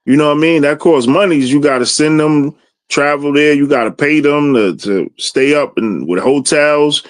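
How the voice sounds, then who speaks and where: A man's voice: on the high side, normal speed, no room sound. A man chatting casually in a religious discussion podcast, loose and conversational, often asking "you know what I mean".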